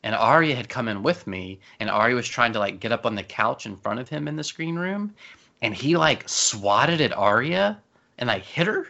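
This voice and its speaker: A man chatting casually, telling an animated story with quick asides. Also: mid-range voice, gravelly. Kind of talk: casual chat. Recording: dull lo-fi sound.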